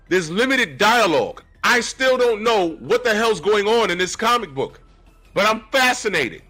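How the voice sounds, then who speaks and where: A man in his forties walks his viewers through a comic book page by page. His voice is bright and forceful and sits a little high, and his pitch jumps around as he reacts. Faint music plays underneath. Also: normal speed. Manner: animated, talks straight to viewers with "y'all". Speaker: comic book reviewer and artist. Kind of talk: casual comic book reading commentary.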